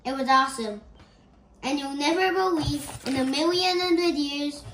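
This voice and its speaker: A woman reading a children's chapter book aloud in an expressive, gentle storytelling manner. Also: high voice, normal speed, a little hiss or hum. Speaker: storybook reader. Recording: echoey room.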